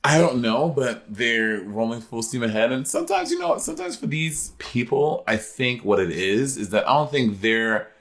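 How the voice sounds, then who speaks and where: A man co-hosting a podcast, telling stories in lively casual chat with swearing. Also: mid-range voice, moderate pace, hardly any pauses. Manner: storytelling, animated, swearing. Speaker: podcast co-host.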